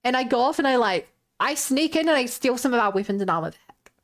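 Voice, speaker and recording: A woman's voice: fairly high pitch, animated, fast. A woman streamer casually retelling a tabletop game session, chatty and loose with lots of filler words.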